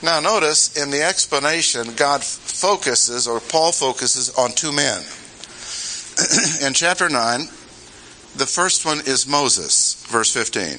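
A man delivers a sermon with a bright, forceful voice. He moves easily between scripture and folksy asides and asks his listeners questions. A faint hiss of noise sits behind him. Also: medium pitch, slow pace, rough recording. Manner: conversational, with rhetorical questions and humorous asides. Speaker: preacher. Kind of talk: expository sermon.

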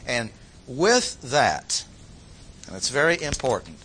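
A man preaching a sermon, emphatic, repeating key phrases slowly with sudden jumps in pitch. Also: huge pitch swings, fairly bright tone, a little hiss or hum, poor audio.

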